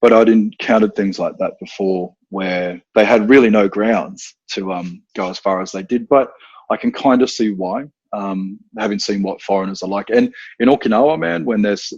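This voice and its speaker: Husky Australian man, swearing storyteller. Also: sits low, darkish tone, dry recording, highs cut off. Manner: swears freely, rambling with fillers. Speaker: guest, self-defense instructor. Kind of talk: casual podcast storytelling.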